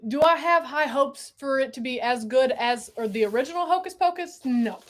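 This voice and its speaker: Woman, young, high voice, excitable livestream host. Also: moderate pace. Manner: excitable, exclamatory, chatty. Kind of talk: casual livestream chat.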